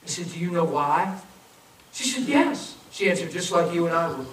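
A man preaching a sermon, telling a story and acting out the voices in it, then softly pleading with people to come forward. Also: a little high, steady tone, fast. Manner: storytelling, acts out quoted voices, urgent then soft pleading. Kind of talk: sermon with altar call. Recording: echoey, from far off, faint noise.

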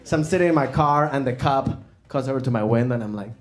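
A man from Maryland doing stand-up comedy on a club stage, animated and wry, into a handheld mic. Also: medium pitch, fast, heavy background noise. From Maryland, USA. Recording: live club with audience laughter. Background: crowd laughter.

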